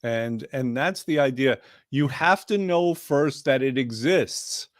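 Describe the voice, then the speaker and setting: A man's voice: mid-range voice, takes it slowly, no room sound. Joking man coaching on a dry video call. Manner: playful, jokey and persuasive. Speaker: wellness program coach and host. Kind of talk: casual panel chat.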